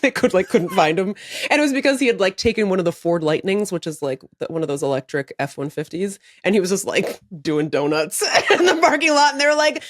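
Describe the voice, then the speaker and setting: Animated laughing woman podcast co-host. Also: fairly low pitch, fairly quick, dry recording. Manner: animated, laughing often, rambling asides. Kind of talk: casual chat.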